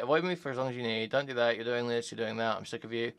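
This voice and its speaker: Man, smooth clear voice, mid pitch, sarcastic commentary, mocking reads. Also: steady tone, rapid-fire, few pauses. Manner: sarcastic, swings from mocking shouts to low mutters. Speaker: commentary youtuber. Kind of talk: reading out text messages with commentary.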